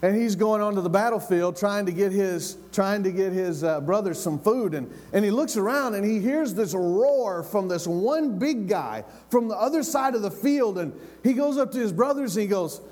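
A man, a pastor preaching a sermon as a dramatic, animated story with calls to the congregation. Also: sits high, moderate pace, hardly any pauses, big-room sound.

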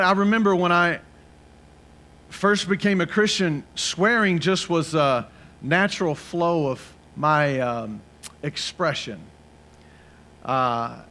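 Middle-aged guy preaching, chatty storytelling sermon, voice on the higher side, keeps asking amen. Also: bright, forceful tone. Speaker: pastor.

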